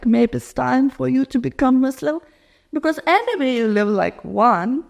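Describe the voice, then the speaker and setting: A woman in her thirties from Lithuania with a Lithuanian accent, telling her personal story in an interview with lively, non-native phrasing. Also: sits high, moderate pace, gravelly. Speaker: interview guest. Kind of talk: emotional personal testimony.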